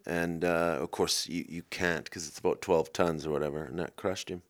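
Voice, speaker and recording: A man hosting a comedy podcast, rambling excitably from one silly tangent to the next. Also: low-pitched, moderate pace. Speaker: podcast host. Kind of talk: rambling comic chat.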